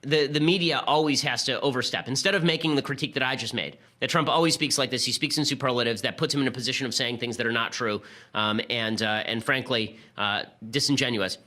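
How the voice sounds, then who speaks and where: A man hosting a political commentary show, talking in a rapid, sarcastic, argumentative way. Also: medium pitch, bright, forceful tone. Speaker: host.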